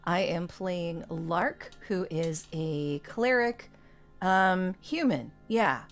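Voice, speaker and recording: A woman's voice: on the low side, extremely slow, soft background music. A woman introducing her character in a tabletop game, giggling and unsure of herself. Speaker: player. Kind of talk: live-streamed tabletop game.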